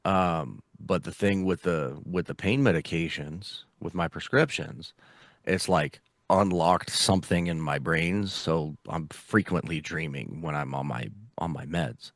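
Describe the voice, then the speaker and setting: A man's voice: sits low, a little slow, gravelly, no echo, studio quality. A man co-hosting a podcast in casual chat, swearing freely and calling his friend "dude". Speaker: podcast co-host.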